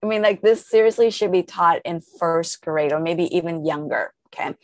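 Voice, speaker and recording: A woman with a fairly low voice talks listeners through a calming practice like a patient coach. She lays each step out plainly and earnestly and leans on everyday examples. The sound is close and dry, with no room around it. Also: moderate pace, no room sound. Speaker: guest, calm coach. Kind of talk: instructive podcast talk.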